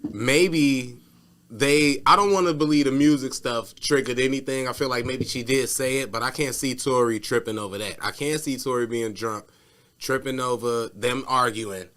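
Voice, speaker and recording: Bright-voiced man telling a story. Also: medium pitch, moderate pace. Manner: slangy storytelling, acts out the people in the story. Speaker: podcast co-host. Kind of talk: casual chat.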